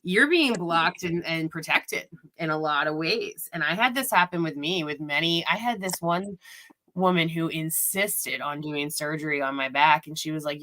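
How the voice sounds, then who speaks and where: A woman's voice: low voice, moderate pace, pushed and bright, a little hiss or hum. A woman hosting a live spiritual reading stream, telling stories candidly, laughing and swearing freely. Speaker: host and intuitive reader.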